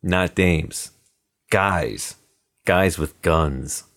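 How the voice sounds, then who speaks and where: A man voicing a quiet, plump middle-aged hotel detective who speaks softly, calmly and unhurriedly. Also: low-pitched, full character voice. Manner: soft, calm and unhurried.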